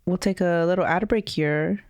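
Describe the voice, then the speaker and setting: A woman's voice: fairly low pitch, moderate pace, darkish tone, dry recording. Woman, congested, podcast co-host, casual and giggly, dry close sound. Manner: giggly, rambling. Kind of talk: casual chat, storytelling.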